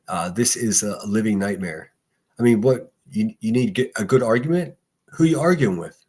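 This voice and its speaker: Husky, blunt livestream host, a man. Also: on the low side, expressive, moderate pace, a little mellow. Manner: blunt, profane, rambling. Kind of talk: casual solo commentary reading chat.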